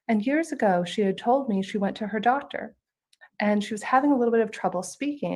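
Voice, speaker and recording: Woman giving a gentle spiritual talk. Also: medium pitch. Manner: storytelling, gently instructive. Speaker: conference speaker and author.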